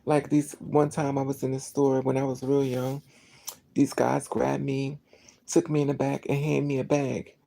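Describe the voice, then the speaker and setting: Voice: medium pitch, normal speed, gravelly. A vlogger telling a personal story in a casual, rambling monologue, acting out the dialogue and often restarting sentences. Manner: rambling, animated, acts out dialogue, many restarts.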